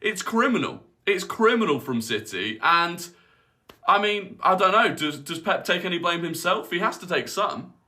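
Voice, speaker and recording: A man's voice: high voice, big pitch swings, normal speed, background noise. A man giving an incredulous, critical football match reaction.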